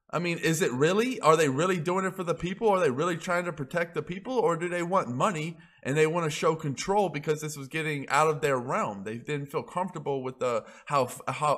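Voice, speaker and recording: A man's voice: fairly high pitch, fairly bright tone. A man blogging about crypto in a casual ranting monologue, heated and profane, rambling as he goes.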